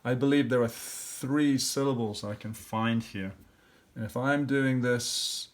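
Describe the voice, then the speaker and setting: A man teacher working through practice questions, thinking aloud step by step and sounding out letters and syllables. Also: lowish voice. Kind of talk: classroom lesson walkthrough.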